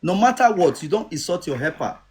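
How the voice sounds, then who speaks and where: A man's voice: sits high, big pitch swings, fairly quick, darkish tone, breathy edge. A man with a Nigerian accent talking in a casual live stream, insistent and often asking if he is understood. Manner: insistent, repeats "you understand?".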